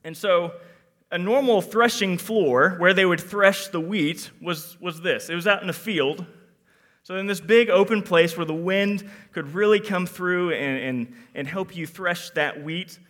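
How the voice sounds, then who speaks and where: A man preaching a sermon to young people, animated, acting out quotes and moving between loud emphasis and quiet reflection. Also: high-pitched, a little slow. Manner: animated, acts out quotes in different voices.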